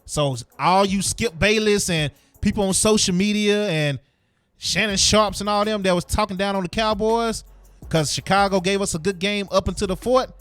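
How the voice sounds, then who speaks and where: A man's voice: high-pitched, moderate pace, fairly bright tone, dry recording, faint music behind. A man hosting a sports podcast, ranting heatedly in casual slang. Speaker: podcast host.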